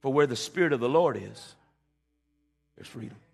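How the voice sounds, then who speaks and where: A man's voice: medium pitch, expressive, moderate pace, vocal fry. A man preaching a sermon, calling on the congregation to repeat lines and restarting his phrases as he builds a point. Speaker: pastor.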